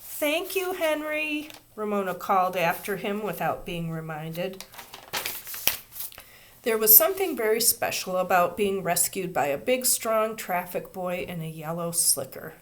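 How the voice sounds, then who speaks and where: A woman, a teacher, reading a children's chapter book aloud with expressive, steady storytelling. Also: fairly low pitch, a little slow.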